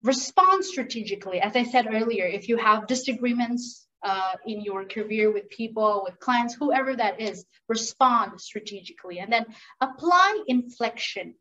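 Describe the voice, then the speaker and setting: A woman running an interactive workshop on professional communication, lively and asking the audience questions. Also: a little high, normal speed, recorded from a distance, highs cut off. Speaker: communication skills trainer. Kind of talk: interactive online workshop talk.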